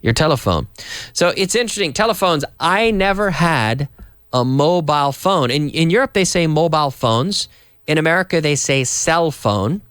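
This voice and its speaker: Lively male English teacher from Canada. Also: fairly high pitch, moderate pace, smooth, no echo, clean studio sound. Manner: animated, acts out example sentences with big question intonation. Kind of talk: English lesson for Spanish speakers.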